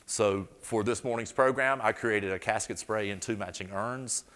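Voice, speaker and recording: Deep-voiced Southern man telling stories. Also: normal speed, a bit bright, long reverb tail. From North Carolina. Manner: chatty, storytelling, folksy asides. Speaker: floral design presenter. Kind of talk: live demonstration talk. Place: event hall before an audience.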